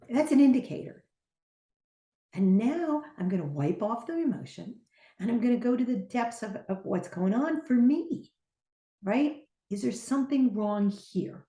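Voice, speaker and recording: A middle-aged woman teaching on a podcast, an animated storyteller who acts out the voices she quotes. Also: medium pitch. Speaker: podcast guest, teacher and trainer. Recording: echoey room.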